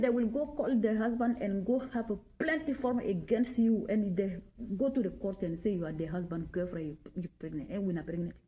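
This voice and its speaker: A woman in her forties from Mali gives a casual personal talk to camera, speaking a little fast with few pauses in a warm, medium-pitched voice. She repeats herself for emphasis and regularly asks "okay?".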